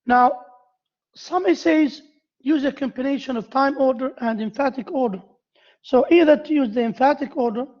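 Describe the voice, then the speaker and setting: Arabic-accented woman lecturing, slightly high voice. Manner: hesitant, repeats key phrases, asks the class questions. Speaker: university lecturer. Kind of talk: classroom lecture on essay writing. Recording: dull lo-fi lecture recording.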